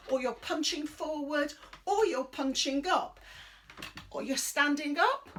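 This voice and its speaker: A middle-aged British woman leading a chair exercise class in a chatty, rambling, encouraging way, breathing deeply and a little out of breath. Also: a bit bright, a little hiss or hum. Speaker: fitness instructor. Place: indoors under a big light.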